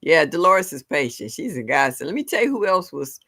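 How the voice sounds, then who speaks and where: This livestream host has a low voice with big pitch swings, a brisk pace and a slightly bright tone. She chats casually with her viewers and laughs often.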